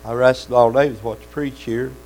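A man's voice: medium pitch, fairly even intonation, brisk, darkish tone, a little hiss or hum, rough recording. A man preaching a sermon in a folksy, fervent way, calling out amens and hallelujahs.

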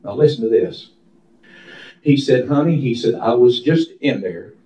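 A man's voice: medium pitch, a little slow, mellow. A man preaching in a church, fervent and rhythmic, repeating his phrases. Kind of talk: sermon. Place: church sanctuary. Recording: echoey hall from far off.

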